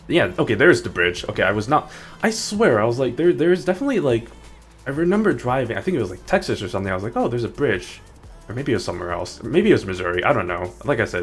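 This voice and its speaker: A man's voice: on the low side, creaky. A man streaming a game, chatting casually in a rambling way with many restarts. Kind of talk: casual gaming stream chat. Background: faint background music.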